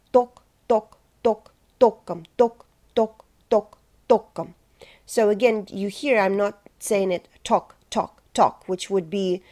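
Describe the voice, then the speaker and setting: A woman's voice: mid-range voice, darkish tone. A woman coaching choir singers on pronunciation, saying words carefully syllable by syllable. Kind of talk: slow pronunciation lesson.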